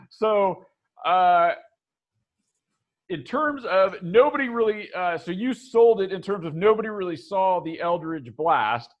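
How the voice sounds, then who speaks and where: A man's voice: high voice, lively intonation, slow pace, lo-fi sound. A man running a tabletop game as dungeon master, rambling with frequent restarts and laughter.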